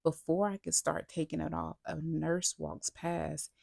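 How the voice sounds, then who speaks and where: A woman speaks with heavy vocal fry and a husky, breathy edge, her pitch staying fairly flat. She is casually retelling a personal story for a vlog, acting out what she and others said and restarting her sentences as she goes. The sound is close and dry. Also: unhurried, no room sound. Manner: retells events with many "I'm like" quotes; chatty, restarts sentences mid-thought. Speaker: vlogger.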